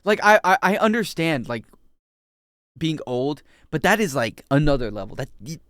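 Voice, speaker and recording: A man's voice: normal speed, dry recording, clean studio sound. A young man streaming a video game, rambling and joking casually with his chat. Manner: rambling, joking, animated swings in pitch.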